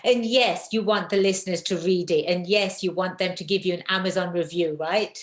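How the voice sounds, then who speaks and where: A woman's voice: fairly low pitch, steady tone, brisk. Effusive English woman host in an echoey room. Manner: warm and effusive, laughs often. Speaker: podcast host. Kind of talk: casual interview chat. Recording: roomy echo.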